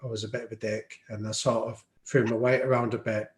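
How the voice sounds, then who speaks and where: A man's voice: lowish voice, level tone, fairly quick. A man telling stories as a podcast guest, reflective and anecdotal, with frequent ums. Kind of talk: storytelling in an interview. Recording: roomy echo.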